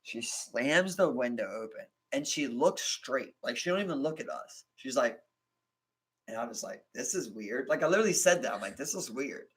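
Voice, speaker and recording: A man's voice: mid-range voice, normal speed, slightly rough. A man with a Baltimore accent, co-hosting a casual podcast chat, telling stories in slang and acting out the people in them. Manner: animated storyteller, slangy, acts out quotes. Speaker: podcast co-host.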